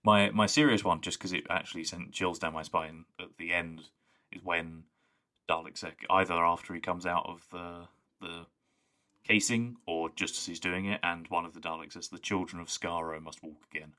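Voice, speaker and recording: A man with a very low voice co-hosts a podcast in casual chat. He rambles enthusiastically and scatters "like" through his sentences. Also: fairly even intonation, moderate pace, bright, forceful tone. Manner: rambling, enthusiastic, full of "like" fillers. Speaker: podcast co-host.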